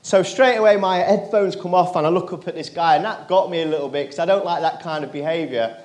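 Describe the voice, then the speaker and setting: A motivational speaker addresses a crowd. His voice sits fairly high for a man, and he talks earnestly, sinking low and quiet when he quotes other people. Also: fast talker. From England. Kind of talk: storytelling speech to an audience.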